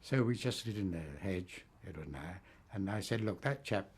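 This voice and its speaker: An older man with a low, husky voice tells an old war story. He wanders through it, leaning on fillers and chuckling now and then at the memories. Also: lively intonation, moderate pace. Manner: rambling and anecdotal, with frequent fillers and chuckles. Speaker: war veteran recounting his escape. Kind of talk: oral history recollection.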